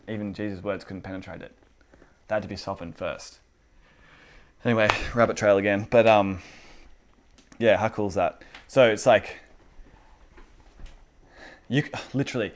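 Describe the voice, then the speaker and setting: Animated low-voiced man telling stories. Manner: animated storyteller who acts out quotes. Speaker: church teaching night leader. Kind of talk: casual faith chat.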